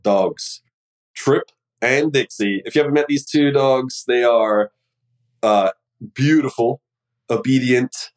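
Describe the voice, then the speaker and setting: A fairly low-voiced man hosts a podcast over a remote recording. He is a bit sick, yet he sounds earnest and affectionate as he sets up the episode. His speech is loose and full of fillers. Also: poor audio. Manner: warm, earnest, many fillers. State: slightly sick. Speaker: podcast host. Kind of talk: casual interview intro.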